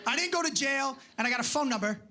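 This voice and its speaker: On a comedy club stage, a man performs stand-up, telling profane stories and voicing all the dialogue himself. He talks fast and expressively in an extremely high voice, with crowd and background noise audible.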